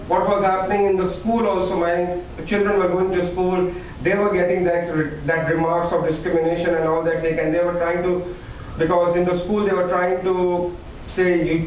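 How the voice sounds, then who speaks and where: A man from Pakistan giving earnest, halting personal testimony, often repeating words. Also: high voice. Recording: very echoey room, distant mic, faint noise.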